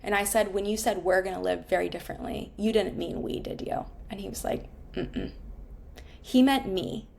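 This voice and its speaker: A woman's voice: medium pitch, fairly even intonation, moderate pace, gravelly, darkish tone, a little hiss or hum. A woman in her thirties, a therapist, talking candidly and emotionally about her own life, swearing often. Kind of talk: reflective personal monologue.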